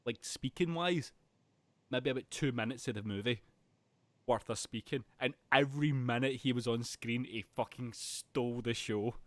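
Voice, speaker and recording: A man's voice: mid-range voice, normal speed, no echo. A man co-hosting a casual film podcast, swearing freely and laughing hard as he retells scenes. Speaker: podcast co-host.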